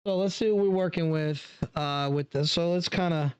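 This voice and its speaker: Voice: medium pitch, normal speed, clear, resonant tone, dry recording. Wine reviewer, casual tasting talk, chatty, lots of ums, dead dry sound. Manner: chatty and relaxed, many fillers, talks straight to viewers.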